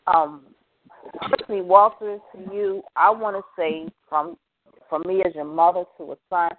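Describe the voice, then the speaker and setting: A middle-aged woman, a ministry program director, speaking in a slow, emotional, earnest church manner. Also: fairly low pitch, lively intonation. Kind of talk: heartfelt church talk. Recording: tinny phone line.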